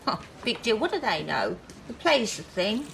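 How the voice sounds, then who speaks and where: A woman's voice: mid-range voice, sing-song, moderate pace, vocal fry, a little hiss or hum. An actress playing a theatre-loving woman at the fire station, speaking in a theatrical, indignant way.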